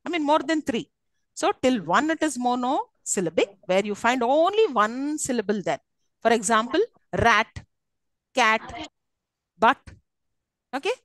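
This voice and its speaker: In a dry recording, a female teacher with an Indian English accent gives a classroom lecture on English phonetics, covering syllables and word stress. Her voice is a little high and a bit bright, expressive and unhurried, with frequent pauses. She encourages her students and keeps checking that they are following.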